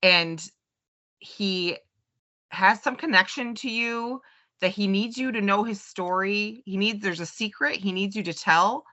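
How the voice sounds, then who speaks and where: Bright-voiced chatty woman, lo-fi. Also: medium pitch, unhurried. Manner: chatty storyteller, quotes others in lively voices. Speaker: podcast co-host. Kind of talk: casual chat. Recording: dull lo-fi sound.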